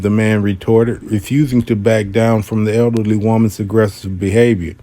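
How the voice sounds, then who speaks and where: A man's voice: on the low side, normal speed. A man hosting a reaction video, giving his own commentary and then reading a news article aloud in a conversational way. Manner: relaxed, conversational, reads news aloud with asides. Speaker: commentary host.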